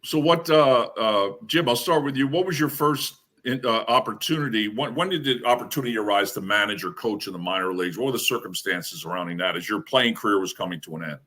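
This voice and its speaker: A man hosts a sports podcast in a bright, forceful voice. He strings together loose, rambling questions and corrects his own numbers mid-sentence. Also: on the low side, fast, hardly any pauses. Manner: asks long, loosely phrased questions and corrects himself on figures. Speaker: podcast host. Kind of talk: casual interview hosting.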